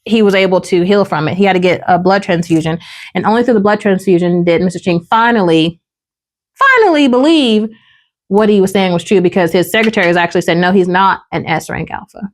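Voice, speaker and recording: A woman's voice: fairly low pitch, fast talker. A woman hosting a podcast, casually recapping a drama and acting out the characters' lines. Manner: animated storytelling, acts out characters' lines. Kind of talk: casual chat.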